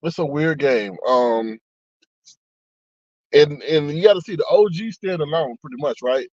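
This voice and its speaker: A man's voice: a little high, a little slow, darkish tone, dry recording, lo-fi sound. A man in casual chat on a live stream, reading viewer comments aloud and talking back to them. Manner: chatty, reads comments aloud, frequent laughs and asides.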